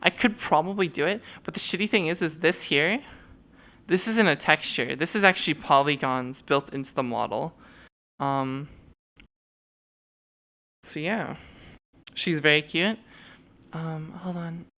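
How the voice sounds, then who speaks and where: Low-voiced, rambling young woman streamer. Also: measured pace, long pauses, fairly bright tone. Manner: rambling, lots of fillers and profanity. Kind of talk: casual chat while showing avatars.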